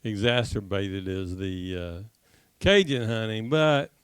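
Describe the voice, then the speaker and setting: A man teaching a congregation class, telling a folksy joke with laughs and loud acted-out gunshots, then leading a prayer. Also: on the low side, lively intonation, slow, clean tone, no echo. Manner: jokey storyteller who laughs at his own tale, acts out shots loudly.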